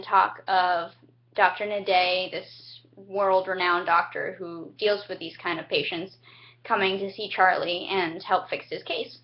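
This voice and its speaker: A young woman giving a chatty, casual recap of a TV episode, acting out the characters' lines with sudden high-pitched jumps. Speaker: TV recap vlogger. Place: home, indoors. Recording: dull lo-fi home webcam audio.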